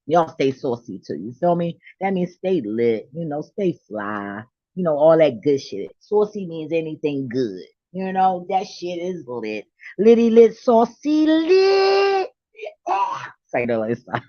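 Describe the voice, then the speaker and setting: A woman's voice: deep voice, expressive, unhurried, no room sound. A middle-aged woman vlogging in a hyped, profane, laughing casual monologue. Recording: dull, dry lo-fi recording.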